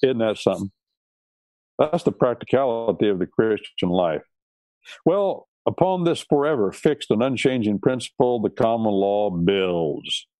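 A man's voice: lowish voice, animated, unhurried, warm tone, no room sound. A man preaching a sermon on scripture and law, stressing and repeating key words.

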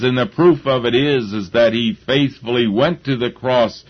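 A man preaching a sermon, slow and deliberate, with halting restarts as he gathers his thoughts. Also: medium pitch. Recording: dull lo-fi recording.

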